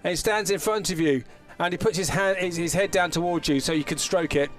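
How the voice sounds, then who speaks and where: High-voiced man running a tabletop game. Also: a little fast, faint music behind. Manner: rambling, self-correcting narration with frequent restarts. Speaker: game master.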